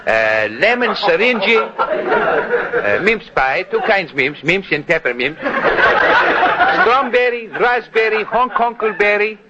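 A boastful Greek restaurant owner. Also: male voice, high voice, very animated, slow pace, highs cut off, over a noisy crowd, pitched above the performer's own voice, full character voice. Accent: Greek, put on. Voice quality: garbled broken English, malapropisms. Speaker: comic dialect monologue. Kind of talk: 1930s vaudeville dialect comedy. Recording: noisy scratchy old radio recording.

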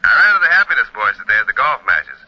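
An easygoing studio engineer chats along in an old scripted radio sketch. His voice is mid-pitched and very bright. It comes through a dull old radio recording. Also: very animated, rapid-fire, slightly rough, full character voice.

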